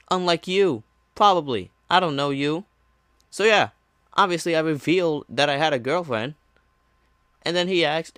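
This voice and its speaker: A man's voice: medium pitch, expressive, moderate pace, fairly bright tone, no echo, studio quality. A young man streamer telling a casual storytime, ranting with sarcastic, mocking retorts. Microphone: low-gain desk mic.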